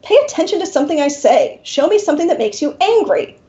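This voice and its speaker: A woman voicing a fussy male demon therapist whose genteel calm breaks into snarling rage, on a slightly dull recording. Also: high voice, quick pace, pitched above the performer's own voice. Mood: irritated. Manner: falsely soothing, then snarling.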